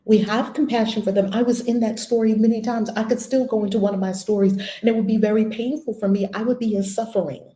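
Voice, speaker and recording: A woman giving a spiritual lesson as a teacher, blunt and animated, swearing casually. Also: mid-range voice, quick pace, hardly any pauses. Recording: echoey room.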